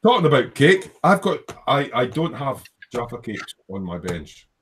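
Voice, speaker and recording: A man's voice: mid-range voice, very animated, moderate pace, a bit bright, slight background noise. A man hosting a casual live stream from his hobby workshop, reading viewers' comments aloud in a jokey, rambling way and laughing easily. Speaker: livestream host.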